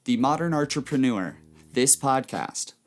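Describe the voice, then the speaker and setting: Male podcast host, calm reflective narrator, mid-range voice, light music bed. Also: mid-range voice, unhurried. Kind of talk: scripted narration.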